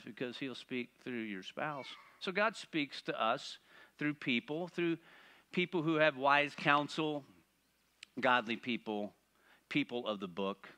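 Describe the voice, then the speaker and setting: Bright-voiced, animated preaching man. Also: on the high side, moderate pace. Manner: animated, rhetorical questions, playful asides. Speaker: pastor. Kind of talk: sermon.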